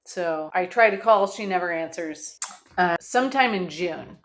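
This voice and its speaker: A woman hosting a podcast, telling a painful family story in a candid, blunt way, with casual swearing and dark humor. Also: on the low side, animated, unhurried. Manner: dark humor with short laughs. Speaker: podcast host. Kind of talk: personal storytelling.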